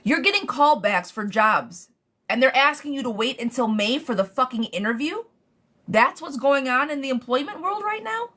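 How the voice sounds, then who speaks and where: High-pitched and talking at normal speed, a woman reads tarot live and fields questions from viewers in a frank, chatty manner. She curses freely and calls them girl and love bug, ranting when she gets worked up and then calming herself.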